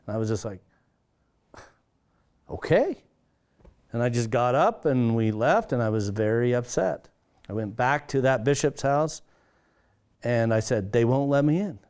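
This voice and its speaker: With a smooth, darkish, mid-range voice, a pastor recounts his own story as a testimony. His telling is earnest but halting, full of restarts, and he grows livelier whenever he quotes others.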